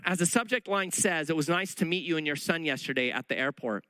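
High-voiced animated male preacher. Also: smooth, dry recording, rough recording. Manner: animated, acts out dialogue in his stories. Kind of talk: sermon storytelling.

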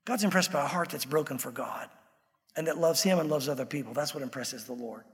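High-voiced male pastor preaching in a hall. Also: brisk. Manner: conversational preaching, acts out quoted voices. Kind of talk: sermon. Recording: long hall reverb.

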